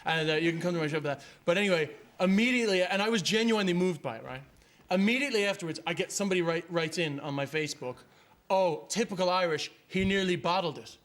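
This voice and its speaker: A man, a comedian guest on a TV talk show, ranting animatedly and swearing in a quick stand-up style. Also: high-pitched, fairly bright tone. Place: TV studio with live audience.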